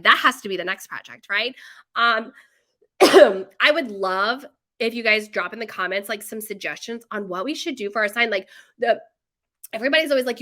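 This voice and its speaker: A young woman talking to camera in a loose, chatty way, tossing in "like" and "right?" as she goes. Her voice is bright, and she often laughs at her own stories. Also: medium pitch. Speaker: bakery co-owner vlogger. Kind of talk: casual chatty vlog.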